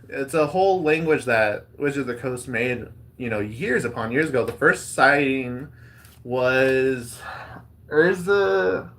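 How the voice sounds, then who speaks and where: A man's voice: mid-range voice, a bit bright. A man hosting a casual chat while opening card packs, rambling and reading card text aloud.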